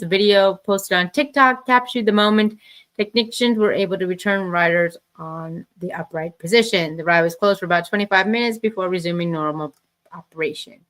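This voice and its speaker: A woman's voice: medium pitch, fairly bright tone. A woman co-hosting a casual podcast, reading odd news stories aloud and adding wry, teasing asides. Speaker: podcast co-host.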